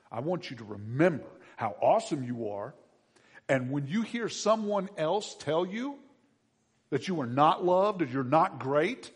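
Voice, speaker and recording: A man preaching a children's sermon as pastor, swinging between hushed and loud emphasis. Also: medium pitch, slightly rough.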